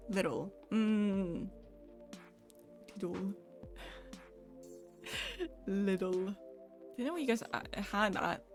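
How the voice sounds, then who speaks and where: A woman's voice: mid-range voice, vocal fry. A young woman from the Netherlands with a Dutch accent, chatting casually on a live stream and laughing often.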